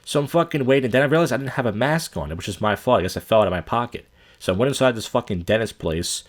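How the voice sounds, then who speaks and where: A man's voice: medium pitch, expressive, fast talker. A man hosting a podcast and ranting casually and profanely. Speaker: podcast host.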